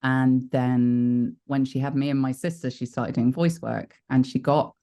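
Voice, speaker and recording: A woman's voice: rumbling low, steady tone, a little slow, warm tone. A British woman in her forties, a voice actor guest in an interview, talking candidly and chattily about her life and laughing at herself. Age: 40s. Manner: frank, chatty storyteller who laughs at herself.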